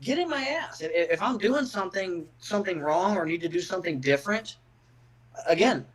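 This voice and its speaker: Middle-aged male podcast guest: slightly high pitch, blunt and profane, restarts his sentences. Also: expressive, moderate pace, low-quality recording. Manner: blunt, profane, repeats words when starting sentences. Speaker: guest, MMA fighter. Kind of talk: casual podcast chat.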